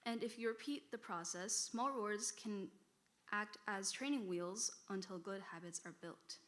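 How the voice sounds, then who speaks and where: A woman's voice: mid-range voice, normal speed, fairly bright tone. A female student debater making a rebuttal in a church hall, posing rhetorical questions to the audience.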